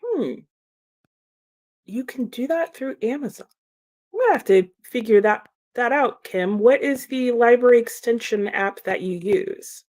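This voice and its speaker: A woman's voice: a little high, expressive, unhurried, a little mellow. Woman, livestream host, casual chat, laughs a lot, reads comments aloud.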